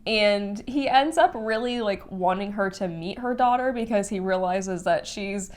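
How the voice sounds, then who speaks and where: A young woman talks through a spoiler review of a novel she loved. She speaks in a loose, chatty way with lots of "like" and shows open feeling. Her voice sits at a middle pitch. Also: a little slow. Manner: chatty and emotional, heavy use of "like", sighs and laughs. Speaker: book reviewer. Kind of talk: casual spoiler book review.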